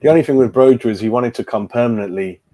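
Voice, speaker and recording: A man's voice: mid-range voice, fast, dark tone. Chatty man in his forties. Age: 40s. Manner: chatty, reads chat aloud, calls everyone mate. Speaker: fan channel host. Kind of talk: casual live-stream chat.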